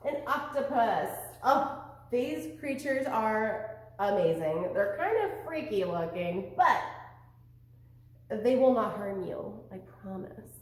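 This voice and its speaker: A woman teaching an online preschool lesson, encouraging and animated, with a sing-song delivery, in a very echoey room away from the mic. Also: medium pitch, slow, far from the mic.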